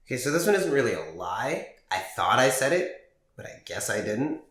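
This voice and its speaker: A man's voice: mid-range voice, moderate pace. A young man co-hosting a podcast in casual chat, telling stories animatedly and swearing freely. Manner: animated storyteller acting out dialogue, swears freely. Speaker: podcast co-host. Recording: echoey room.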